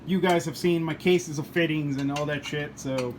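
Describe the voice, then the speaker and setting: A man's voice: fairly high pitch, fairly even intonation, moderate pace, noisy background. A man hosting a car channel, chatting casually in his home garage, joking, laughing and swearing as he works. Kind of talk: casual garage chat to camera.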